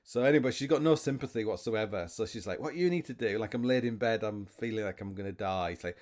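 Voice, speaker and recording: A man's voice: lowish voice, fast talker, a little mellow. A man hosting a podcast alone, rambling through stories with many restarts and self-mocking asides. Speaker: podcast host. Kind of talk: rambling solo chat.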